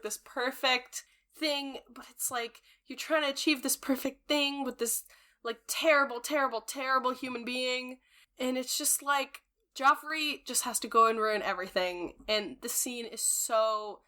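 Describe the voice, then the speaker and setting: Young woman podcast co-host, bright and animated, emphatic and slangy. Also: high-pitched. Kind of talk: casual chat recapping a TV episode.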